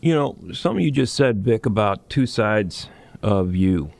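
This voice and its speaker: A man's voice: lowish voice, animated, moderate pace, creaky, darkish tone, no room sound. A man interviewing a musician, building thoughtful, long questions in a casual conversational tone.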